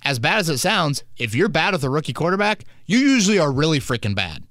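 A man's voice: a little high, sing-song, quick pace, a bit bright, no room sound. A man hosting a sports podcast in a casual, rambling way, spinning hypotheticals. He is recorded on a close, dry mic. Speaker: podcast host.

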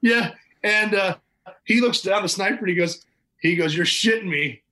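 A man's voice: sits high, normal speed, pushed and bright, poor audio. A man, a podcast guest, recounting events in casual, vivid, matter-of-fact storytelling with occasional chuckles.

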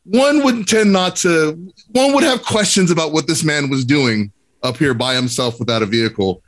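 A man on a podcast telling a comic anecdote with lively, building tension. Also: fairly high pitch, normal speed. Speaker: podcast co-host telling a story. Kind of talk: animated anecdote.

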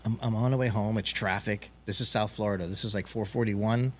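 A man hosting a podcast, telling a long story in a rambling, animated way with many restarts. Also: lowish voice, fairly quick. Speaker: podcast host. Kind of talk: casual storytelling chat.

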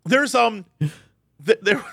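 A man co-hosting a casual podcast, ranting in an animated way and jumping into quoted voices. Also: high-pitched, slow, vocal fry, breathy edge, no echo, studio quality. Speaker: podcast co-host.

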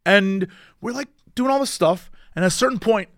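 A man's voice: sits high, normal speed, creaky, fairly bright tone, no echo. A man in casual podcast chat, animatedly telling a story and acting out the quoted lines.

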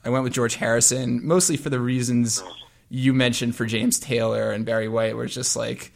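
Gravelly man hosting a casual music podcast. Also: medium pitch, level tone, moderate pace. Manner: long, meandering sentences. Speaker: podcast host.

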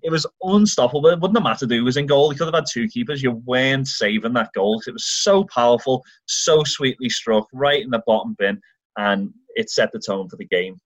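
A man's voice: mid-range voice, a little fast, no echo. An Irish man co-hosting a podcast, chatting casually and enthusiastically about football. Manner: enthusiastic, animated storytelling with acted-out quotes. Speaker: podcast co-host.

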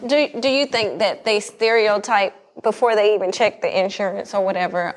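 A woman's voice: mid-range voice, normal speed, few pauses. A woman in a casual chat, asking questions and reflecting on her own experience.

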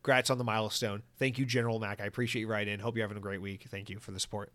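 A young man hosting a podcast, reading listener comments in a rambling, profane, animated way on a close mic. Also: on the low side, very fast. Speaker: podcast host.

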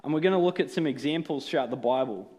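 A man's voice: medium pitch, lively intonation, quick pace, a little mellow. A man preaching a sermon in an earnest, explanatory way, often asking rhetorical questions.

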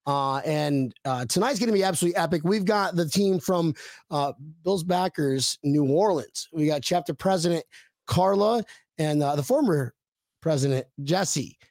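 A man hosting a casual sports fan podcast, excitable and chatty with lots of fillers. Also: on the high side, moderate pace, no echo, clean studio sound. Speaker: podcast host.

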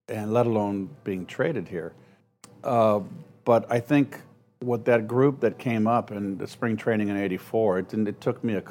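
A man in his sixties telling animated anecdotes as an interview guest, acting out quoted voices and laughing often. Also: fairly low pitch. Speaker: guest, former ballplayer. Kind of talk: storytelling interview.

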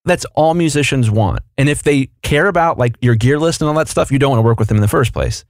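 A man's voice: mid-range voice, fast, dry recording, studio quality. A man co-hosting a podcast, explaining and coaching in casual chat. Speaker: podcast co-host.

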